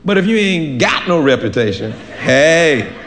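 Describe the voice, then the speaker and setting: A man pastor preaching a sermon, animated, acting out little dialogues and laughing often. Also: fairly high pitch, unhurried, a little hiss or hum.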